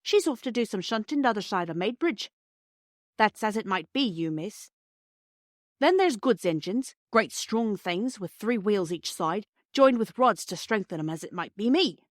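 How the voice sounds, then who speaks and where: A woman's voice: medium pitch, expressive, normal speed, no echo, studio quality, close to an everyday voice. A woman voicing a cheerful, chatty working-class male railway porter who speaks in broad rustic dialect and drops his h's. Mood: hearty.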